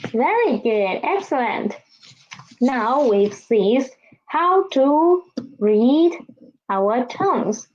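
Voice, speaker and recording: Slow, high-voiced woman teaching tones. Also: lively intonation. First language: Vietnamese. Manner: patient, exaggerates tones when modeling sounds. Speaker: Chinese language teacher. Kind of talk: slow, deliberate language lesson with repeat-after-me drills. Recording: slightly dull, lo-fi recording.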